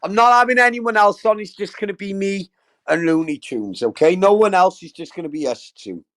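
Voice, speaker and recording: Lively high-voiced sweary man. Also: brisk. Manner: sweary, effusive, rambling, addresses chat directly. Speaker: livestream host. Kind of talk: casual livestream chat.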